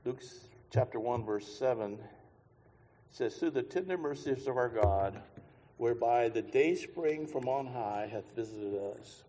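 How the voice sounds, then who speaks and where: A man preaching a sermon, moving from quiet musing to loud, shouted passages, and singing a hymn line along the way. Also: medium pitch, a little slow. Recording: long hall reverb.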